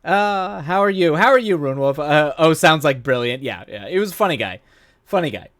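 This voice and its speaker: Hosting a live stream, a man talks with viewers in a slightly high, fairly bright voice, lively in intonation and moderate in pace. He rambles, cuts himself off to restart sentences, and laughs often at his own stories. There's no echo, just clean studio sound.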